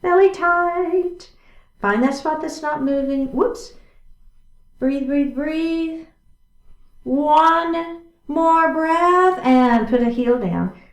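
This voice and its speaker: A woman's voice: high-pitched, slow pace, soft background music. A woman chair yoga instructor, cueing each movement step by step in an encouraging way during a guided class. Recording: echoey room from a distance.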